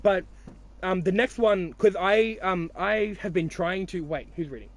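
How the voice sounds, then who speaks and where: High-voiced young Australian man rambling. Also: unhurried. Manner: rambling, swearing, teasing. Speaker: podcast host. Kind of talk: casual chat.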